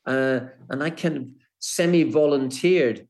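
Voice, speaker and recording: An older man speaks as an interview guest at an even middle pitch. He tells his stories haltingly, repeating words and restarting his sentences. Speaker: former footballer, guest. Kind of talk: interview, storytelling.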